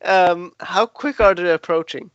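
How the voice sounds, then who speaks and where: A man playing a tabletop game, hesitant with many ums and quick to giggle. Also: sits high, clear, resonant tone, no echo, dull audio. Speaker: player. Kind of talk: tabletop role-play.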